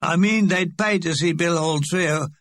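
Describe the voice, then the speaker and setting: A man's voice: fairly high pitch, measured pace, a bit bright. A man voicing a touchy male performer grumbling about the troupe's worth. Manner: grumbling, self-doubting argument.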